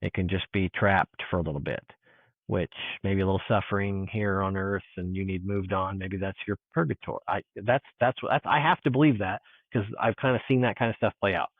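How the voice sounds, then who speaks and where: A man telling a personal encounter story in casual chat, animated and full of restarts, acting out what people said. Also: lowish voice, brisk, no echo. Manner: animated storyteller, restarts, acts out quoted dialogue. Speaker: guest. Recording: tinny phone-like line.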